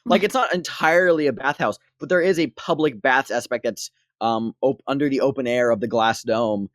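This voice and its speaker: A woman's voice: rumbling low, moderate pace, no echo, clean studio sound. A woman narrating a tabletop game as dungeon master, rambling with many fillers.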